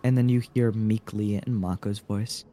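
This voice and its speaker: A man runs a tabletop game and lays out each scene with deliberate, dramatic narration. His voice sits fairly low and he takes his time. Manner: measured, dramatic scene-setting. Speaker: game master.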